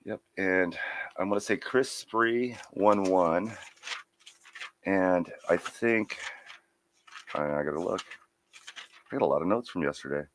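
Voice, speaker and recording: A man's voice: low-pitched, a little slow, long pauses, a little hiss or hum. A man co-hosting a casual livestream chat over a video call, teasing at times and businesslike when he sets out the rules. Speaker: co-host.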